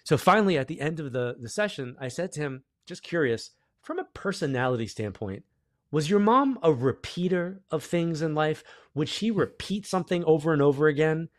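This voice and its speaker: A middle-aged man, a guest on a podcast, who tells stories in a casual, animated way and acts out the quoted dialogue. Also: on the high side, moderate pace, dry recording, clean studio sound. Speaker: guest psychic medium. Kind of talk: casual storytelling interview.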